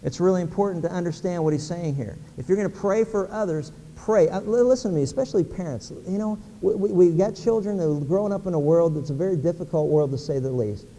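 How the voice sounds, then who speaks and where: A man's voice: sits high, fast talker, few pauses, warm tone, in a large hall. A middle-aged man from Pennsylvania preaching a sermon, folksy, acting out little everyday scenes. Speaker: pastor.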